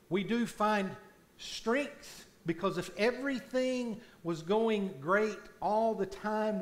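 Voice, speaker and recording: A man preaching a sermon as pastor in a church, slow and deliberate, swelling loud on key points. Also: sits high. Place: church sanctuary.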